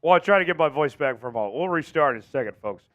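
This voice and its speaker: A man hosts a live sports news stream, his slightly raised voice rising and falling in lively swings. He keeps stopping to cough and apologize as his voice gives out. The sound is dry and close, with faint music underneath. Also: fairly high pitch, rapid-fire, no echo, lo-fi sound. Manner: animated, apologetic between coughing fits. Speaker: sports show host.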